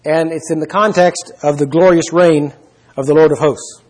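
A man's voice: fairly high pitch, steady tone, moderate pace, a little mellow, rough recording. A man preaching a Bible teaching sermon, emphatic, asking the listeners questions and citing verses.

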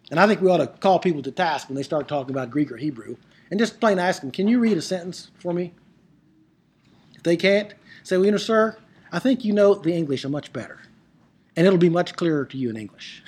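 A Bible teacher giving an emphatic classroom lecture on biblical Greek, asking rhetorical questions and slowing down to stress key words. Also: medium pitch, slightly rough.

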